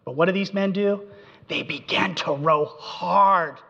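A man's voice: sits high, a little slow, gravelly, bright, forceful tone. A man preaching a sermon, telling the story with animation and acting out the quotes, in a dull recording in a reverberant hall. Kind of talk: expository sermon.

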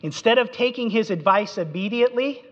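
High-voiced preacher in an echoing hall. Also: male voice, fairly quick. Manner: animated storytelling with acted-out quotes. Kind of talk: expository sermon. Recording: dull recording in a reverberant hall.

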